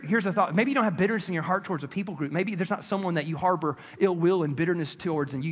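Brief: male pastor, high voice, storytelling sermon, swings loud to hushed, reverberant sanctuary. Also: husky.

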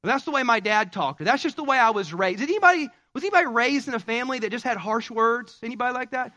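A man preaches a lively sermon in a high, bright voice. He keeps it casual and funny, talking straight to the congregation. Now and then he breaks into sudden loud bursts. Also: fast talker. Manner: humorous, conversational preaching with shouted bursts. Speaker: pastor.

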